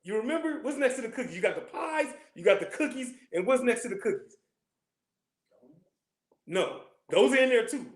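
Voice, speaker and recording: Casting: high-voiced man, quick streetwise scripture class teacher, joking, echoey room. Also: animated. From California. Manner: loose, joking, streetwise slang, constant check-ins with listeners. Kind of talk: casual scripture class talk.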